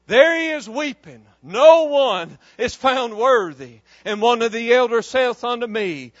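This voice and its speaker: A man's voice: extremely high pitch, fairly bright tone, no room sound, lo-fi sound. A man preaching a fervent, emphatic sermon full of repetition.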